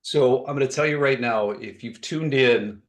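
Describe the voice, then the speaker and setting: A man's voice: medium pitch, normal speed. Conversational male podcast host. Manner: conversational, eager follow-up questions. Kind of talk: interview.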